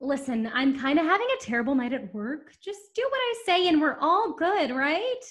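A woman's voice: high voice, expressive, normal speed. A woman playing a breezy, rude stewardess. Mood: dismissive. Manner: chirpy, dismissive customer-service patter. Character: flustered young female stewardess, breezy and rude. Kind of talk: comedic audio drama.

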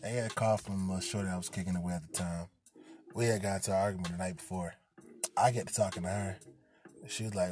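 A man's voice: lowish voice, fast talker, darkish tone. Cursing man telling a hospital story. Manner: profane, streetwise retelling with voiced quotes. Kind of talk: casual storytime.

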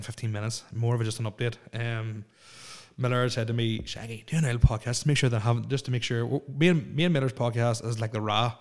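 A young man hosting a casual solo podcast from a house, rambling with lots of fillers, stammers and restarts. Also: medium pitch. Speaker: podcast host. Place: alone in a house.

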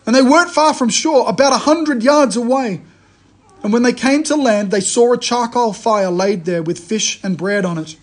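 A man giving a conversational sermon, retelling a story in a lively way and often restarting his phrases. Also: extremely high pitch, normal speed. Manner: animated storytelling, frequent restarts. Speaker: preacher.

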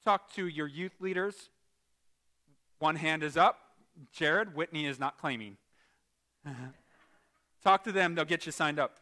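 A man delivers a Sunday sermon in a high, bright voice. He talks with the congregation and jokes with them. He drops into quiet asides and then bursts into loud exclaims. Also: slow pace, pauses often. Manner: animated, jokey, shifts from quiet asides to loud shouts. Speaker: pastor. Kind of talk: lively church sermon.

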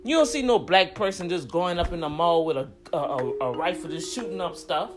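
A woman's voice: fairly low pitch, expressive, moderate pace, few pauses, over music. A woman in her fifties giving heated, indignant commentary straight to her viewers, often repeating words as she gets worked up. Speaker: vlogger.

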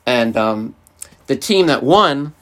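A man's voice: mid-range voice, expressive, slow pace, fairly bright tone. Rambling man with a New York accent. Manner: rambling, many fillers and restarts. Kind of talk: casual chat.

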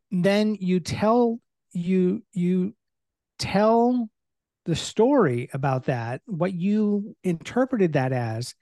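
A man's voice: a little high, mellow, dry recording, clean studio sound. A middle-aged man, a leadership trainer, explaining in casual conversation with everyday examples and candor about his own temper.

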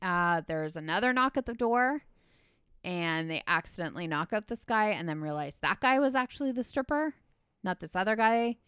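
Chatty woman with a smooth, dry voice. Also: mid-range voice, expressive, normal speed, fairly bright tone, no echo. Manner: chatty, rambling, lots of filler words. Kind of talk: casual chat.

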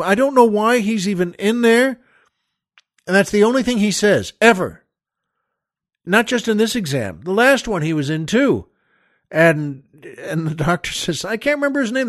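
Exasperated high-voiced man telling a story. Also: no echo, studio quality. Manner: exasperated, digressive, incredulous. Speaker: podcast host. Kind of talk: comic storytelling monologue.

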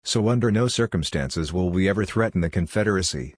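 A man voicing a calm, coldly logical android envoy who speaks in a level, matter-of-fact way. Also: sits low, a little fast, breathy edge, no room sound, studio quality. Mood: cool.

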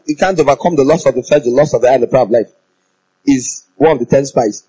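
Male preacher, husky voice, somewhat high, dull lo-fi recording, playful sermon. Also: fast talker. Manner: animated and playful, laughing often and chanting the congregation on.

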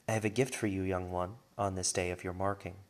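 A man reading aloud and voicing a kind, playful old master who speaks calmly and fondly. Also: low-pitched, brisk, close to an everyday voice. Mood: teasing. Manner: calm, fond and teasing.

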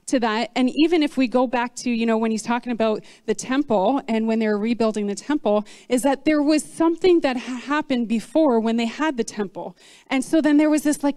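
A woman pastor preaches in a loose, chatty way and slips into playful voices when she quotes complainers. Her voice sits a little high and comes through smooth and resonant. The sound is dry and close, with almost no room echo. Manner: conversational, animated, acts out voices of complainers. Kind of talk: sermon. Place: church.

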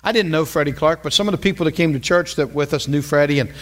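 A middle-aged man preaching as a pastor, telling a story in a conversational, animated way and repeating phrases for emphasis. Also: a little high, quick pace. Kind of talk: storytelling sermon.

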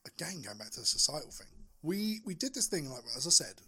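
A man's voice: a little high, very animated, fast, sharp tone. A young man co-hosting a podcast, talking in a blunt, sweary, rambling way. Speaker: podcast co-host. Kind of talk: casual podcast chat.

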